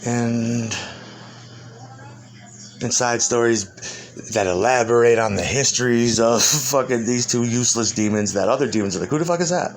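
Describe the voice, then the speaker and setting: A man's voice: medium pitch, fairly even intonation, moderate pace, long pauses. Profane, laughing man rambling in character. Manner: profane, laughs often, restarts and trails off. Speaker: self-described ancient demon persona. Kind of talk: rambling improvised monologue.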